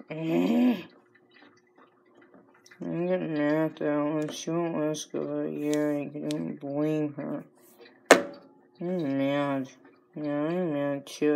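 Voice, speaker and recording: A woman's voice: sits low, level tone, drawn-out words, vocal fry, pauses often, slight background noise, rough recording. A woman vlogger talking through a playful pretend dialogue, answering herself back and forth with mock indignation.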